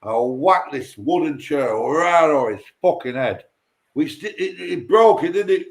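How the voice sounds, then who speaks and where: A man's voice: a little high, lively intonation, measured pace. Rambling, sweary man telling a story. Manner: rambling, sweary, repeats himself and stumbles on words. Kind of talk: casual storytelling.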